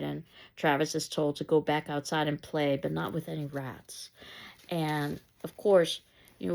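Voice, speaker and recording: A woman teacher talks through a play's scenes in a relaxed, wry lecturing manner. Her voice is fairly low, with a steady gravelly fry. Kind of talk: literature lecture.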